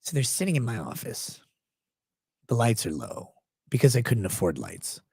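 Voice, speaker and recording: A man hosting a livestream as a lawyer, telling a client anecdote in a crude, sarcastic, animated way. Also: medium pitch, moderate pace, slightly rough, no room sound, studio quality. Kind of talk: casual livestream storytelling.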